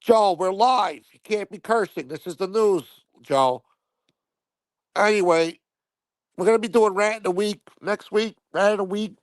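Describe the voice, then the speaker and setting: A man doing a high, slow TV news reporter. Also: dry recording, studio quality. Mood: newsy, prim. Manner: slow, overly formal news delivery, scolding. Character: male TV field news reporter, prim and fussy.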